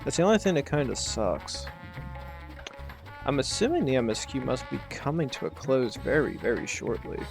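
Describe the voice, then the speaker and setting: Relaxed male gaming host, loose rambling commentary, faint game music under him. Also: medium pitch, normal speed, creaky. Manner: laid-back, rambling. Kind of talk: casual gameplay commentary.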